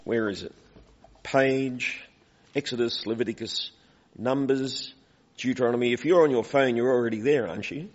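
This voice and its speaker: A man's voice: medium pitch, normal speed. A man preaching a conversational sermon in a church, asking the congregation questions and calling for volunteers. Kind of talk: interactive sermon. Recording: dull recording with long hall reverb.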